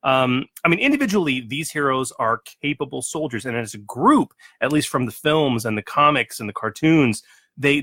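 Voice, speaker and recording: A man's voice: medium pitch, no room sound. A man co-hosting a tabletop gaming podcast, reading a dramatic intro and chatting with frequent restarts. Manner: lively, theatrical delivery with frequent restarts. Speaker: podcast co-host. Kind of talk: casual chat and scripted intro.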